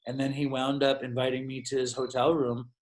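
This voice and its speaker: A man's voice: medium pitch, level tone, brisk. A man talking as a podcast guest in casual storytelling mode. He rambles from one anecdote to the next, swears freely and leans on "like" constantly. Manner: rambling, profane, full of "like".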